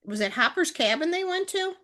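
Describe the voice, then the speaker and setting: A woman's voice: very high voice, expressive, brisk, fairly bright tone. A middle-aged woman co-hosting a casual podcast chat, retelling TV scenes in long run-on chains of "and". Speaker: podcast co-host, mother. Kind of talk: casual chat recapping a TV show.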